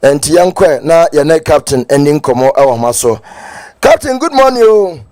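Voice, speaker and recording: A man with a Ghanaian accent hosts a morning talk show in a fairly high voice. His delivery is lilting and sing-song, and the sound is dry and close. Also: sing-song, normal speed, a little mellow, no echo. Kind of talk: casual talk show commentary.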